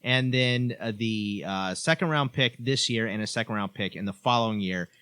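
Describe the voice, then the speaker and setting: Man w/ bright forceful voice going thru stats steadily, dry close sound, casual sports talk. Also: fairly low pitch, moderate pace, clean tone, no room sound. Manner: stat-heavy, methodical. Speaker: podcast guest.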